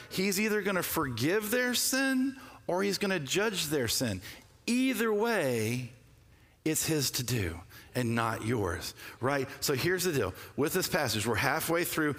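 Male pastor, slightly high voice, chatty sermon delivery, church-hall reverb. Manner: conversational, animated storytelling with quick asides. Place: church sanctuary.

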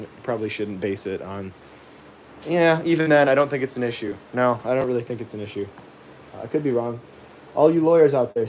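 A man hosts a live woodcarving demonstration, talking at an ordinary middle pitch. He thinks out loud, stalls on fillers and pauses, and keeps breaking into self-deprecating chuckles while answering viewer comments. A faint hiss sits under his voice. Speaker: woodcarving livestream host. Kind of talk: live carving demo, chatting with viewers.

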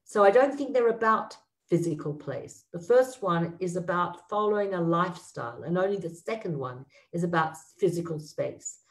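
Woman teacher with a low voice, leading a text study lesson, slow reading and thoughtful commentary. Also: lively intonation, far from the mic, low-quality recording. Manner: reads verses aloud slowly, then comments with frequent restarts. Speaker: Bible teacher.

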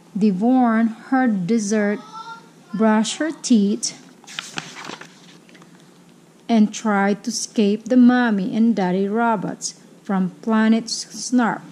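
Woman, children's story reader, unhurried careful pace, slightly high voice. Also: dark tone. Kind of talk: reading a children's picture book aloud.

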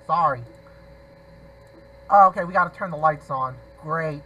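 A man giving excitable gameplay commentary, talking to himself and often apologizing. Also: on the high side, unhurried, a little hiss or hum, low-quality recording. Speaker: gamer.

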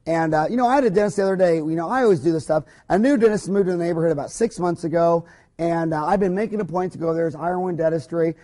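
Speaking fast in a slightly high, mellow voice, a dentist lectures other dentists informally on a recording. He rambles in a folksy, emphatic style, full of digressions.

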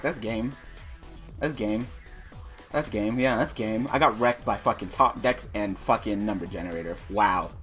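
A young man with a bright, forceful, mid-range voice hosts a card game video, commentating his online matches. He reads cards quietly under his breath, and bad draws set him off into frustrated rants peppered with frequent swearing.

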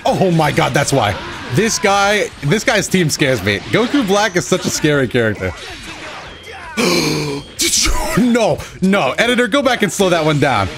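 A young man giving excitable, joking commentary over his own fighting-game matches, yelling at big moments. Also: fairly high pitch, normal speed. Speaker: gaming channel host. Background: game music.

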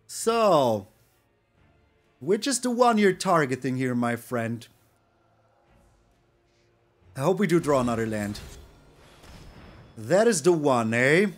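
A man giving excitable, animated live commentary over his own card game, now and then breaking into loud shouts. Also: mid-range voice, unhurried, pauses often, faint music behind. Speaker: gaming YouTuber.

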